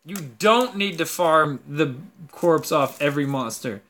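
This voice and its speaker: A young man hosting a gaming video, ranting casually in a profane, rambling, animated way. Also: a little high, measured pace. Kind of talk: casual rant to camera.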